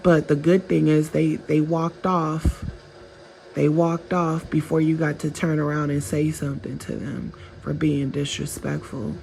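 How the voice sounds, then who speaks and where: A woman's voice: sits low, level tone, measured pace, vocal fry, a little mellow, poor audio. A woman vlogger giving casual, emphatic advice straight to the viewer, often repeating herself for stress. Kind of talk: casual monologue advice talk.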